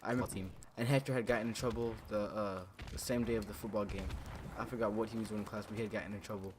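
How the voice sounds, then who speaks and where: A man's voice: on the low side, steady tone, very fast, background noise. A young man casually telling a story from his school days, rambling and swearing with lots of fillers. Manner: rambling, profane, filler-heavy. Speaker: storytime vlogger.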